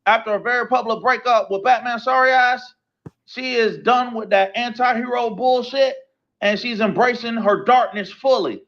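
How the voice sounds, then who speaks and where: A brash villain boss with a crude mouth, played by a man in an animated parody, his voice pitched very high. He barks announcements like a ringmaster, and the sound is dull and lo-fi. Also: normal speed. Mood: boastful. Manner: crude, loud announcer-style introductions. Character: brash male supervillain boss of the gang.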